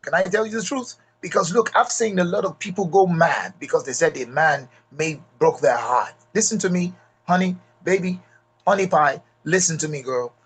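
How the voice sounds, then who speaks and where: A man's voice: fairly high pitch, normal speed, slight background noise. A middle-aged man with a Nigerian accent gives an emphatic motivational talk at a leadership retreat, repeating key lines and speaking straight to the audience.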